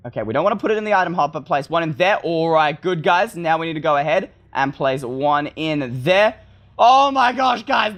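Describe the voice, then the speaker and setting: A man narrating a survival game as he plays, excitable, often calling out to his viewers. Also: on the high side. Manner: excitable, talks to viewers as "guys". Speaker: gaming video creator. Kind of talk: let's play commentary.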